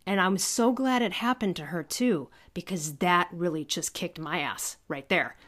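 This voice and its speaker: A woman guest telling a personal story in casual conversation, animated, acting out what people said and swearing freely. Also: lowish voice, a little slow. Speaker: podcast guest.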